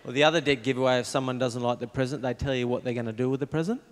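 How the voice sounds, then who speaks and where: A man with an Australian accent telling a stand-up comedy routine in a laconic, deadpan way, acting out little voices. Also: mid-range voice, rapid-fire, big-room sound. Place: stage before a live audience. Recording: live show with loud crowd laughter. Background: loud audience laughter.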